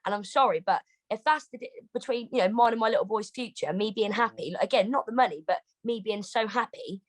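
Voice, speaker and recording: A woman with a British accent, a boxer talking as an interview guest on a video call, rapid, animated and swearing heavily. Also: a little high, no echo, low-quality recording. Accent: British English. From Britain. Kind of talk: casual interview chat.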